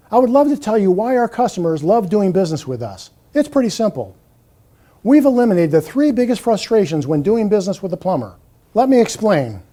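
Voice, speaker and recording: A man reading as a cheerful small business founder, reassuring callers on hold. The voice is high and expressive with a mellow tone. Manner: friendly, reassuring sales pitch. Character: small business owner recording phone greeting. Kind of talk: scripted on-hold message.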